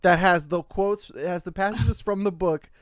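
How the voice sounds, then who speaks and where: A man co-hosting a casual podcast, talking in an animated way and laughing often. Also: sits high, moderate pace, no echo, clean studio sound. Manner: animated, laughing often while reading aloud. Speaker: podcast co-host. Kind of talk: casual chat.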